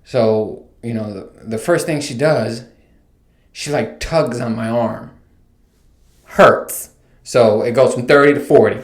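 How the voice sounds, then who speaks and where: A man's voice: mid-range voice, slow pace, pauses often. A man hosting a podcast, telling a profane, exasperated comic rant in a casual way. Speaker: podcast host. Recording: roomy echo.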